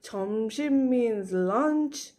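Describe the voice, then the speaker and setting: A woman teaching a casual online language lesson, explaining slowly with fillers and modeling phrases with rising question intonation. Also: a little high, lively intonation, darkish tone.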